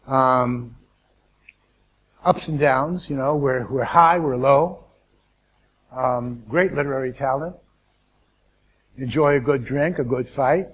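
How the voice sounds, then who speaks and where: Husky man giving a wry lecture. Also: medium pitch. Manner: deliberate, wry, with asides and restarts. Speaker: guest speaker. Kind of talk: lecture to a student audience.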